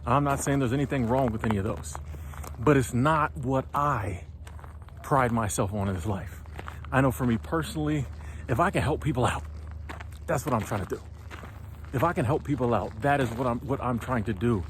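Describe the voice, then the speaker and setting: A man, hosting his own channel and delivering an impassioned motivational monologue, preachy and animated, sometimes stumbling over his words. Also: mid-range voice, normal speed, a little hiss or hum. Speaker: channel host.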